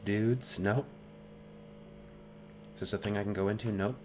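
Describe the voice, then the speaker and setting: Deep voiced guy streaming, joking, cussing, faint noise. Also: fairly even intonation, measured pace. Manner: reads game text aloud, swears and jokes. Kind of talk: casual game commentary and reading aloud.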